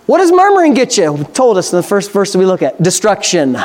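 A high-pitched male pastor delivering a sermon. He reads Scripture aloud and punctuates it with pointed rhetorical questions, pressing his points home with emphasis. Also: wildly swooping pitch, a little fast, a little mellow.

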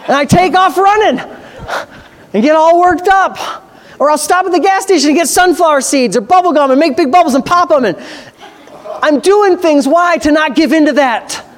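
A man delivers a sermon. He reads scripture slowly and carefully. He then builds into loud, excited exhortation, with his voice climbing. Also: very high voice. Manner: swings from slow scripture reading to loud excited preaching. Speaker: preacher.

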